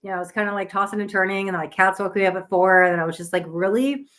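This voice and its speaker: A woman hosting a live psychic reading stream, chatty and earnest, talking with gentle guidance and frequent restarts while tired. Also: medium pitch, fast talker. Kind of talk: casual live-stream chat.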